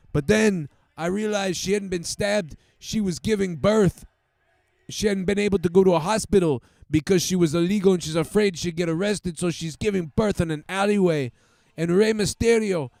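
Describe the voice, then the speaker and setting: A man's voice: sits high, creaky, a little mellow, no echo. Man doing a crude rapper impression, put-on accent. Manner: crude, rambling tall tale. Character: impression of a famous laid-back male rapper.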